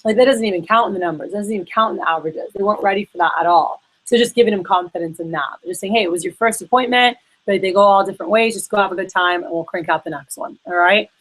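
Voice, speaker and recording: A woman's voice: medium pitch, fast talker, few pauses, fairly bright tone, low-quality recording. A woman leading a sales training workshop, talking casually and acting out phone calls with her reps. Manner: chatty, acts out phone calls in quoted voices.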